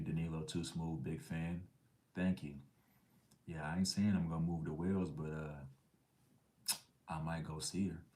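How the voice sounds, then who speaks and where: A man's voice: a bass voice, warm tone. A middle-aged man hosting a casual livestream, reading the chat with laid-back slangy banter and dropping into whispered asides.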